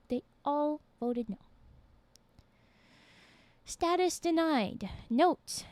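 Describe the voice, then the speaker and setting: A woman streamer reading a story aloud to her chat, lively and quick with asides. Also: sits high, dry recording.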